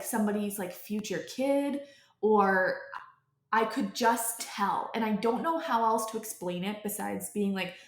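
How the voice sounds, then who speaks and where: A young woman talks off the cuff as a podcast host, her voice sitting at an ordinary middle pitch. She rambles, stacking filler "likes" and restarting her sentences. The room around her rings with noticeable echo. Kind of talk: off-the-cuff personal storytelling. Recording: echoey room.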